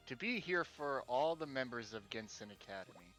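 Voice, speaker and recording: A man's voice: medium pitch, expressive, moderate pace, hardly any pauses, fairly bright tone, soft background music. A male streamer reading game text aloud, breaking in with sarcastic, exasperated asides and swearing.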